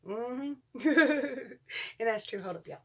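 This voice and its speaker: A woman in her forties with a Southern US accent, chatting excitedly to her vlog viewers and laughing often. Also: a little high, slow. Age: 40s. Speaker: vlogger. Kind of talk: casual chat to camera.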